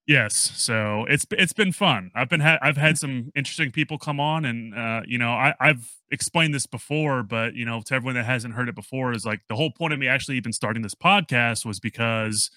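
A man's voice: mid-range voice, fairly quick, hardly any pauses, sharp tone, no echo. A young man hosting a podcast, chatting casually and rambling with lots of fillers. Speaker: podcast host. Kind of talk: casual chat.

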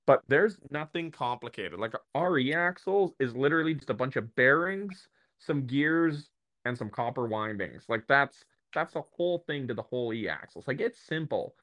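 Animated ranting man in casual talk. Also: medium pitch, normal speed. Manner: ranting, animated, acts out quoted voices. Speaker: guest, electric motor repair specialist. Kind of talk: casual podcast conversation.

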